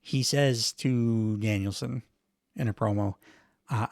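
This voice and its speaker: A man's voice: fairly low pitch, slow pace, gravelly, a little mellow, no room sound, clean studio sound. A middle-aged man hosting a podcast, giving a casual, wry wrestling recap full of fillers and chuckles. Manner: rambling, wry, chuckles often, many fillers. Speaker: podcast host.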